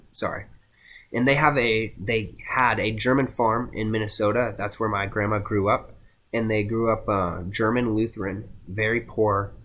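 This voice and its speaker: Young guy presenting for class, kinda low voice, stumbles and restarts a lot. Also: a bit bright. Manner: halting, many fillers and restarts. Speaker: student presenter.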